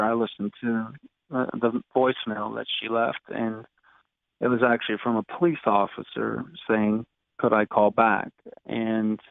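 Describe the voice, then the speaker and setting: A man in his thirties telling his personal story in an interview, halting and full of fillers and restarts. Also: mid-range voice, creaky, dry recording. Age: 30s. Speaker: guest. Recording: dry tinny phone-like sound.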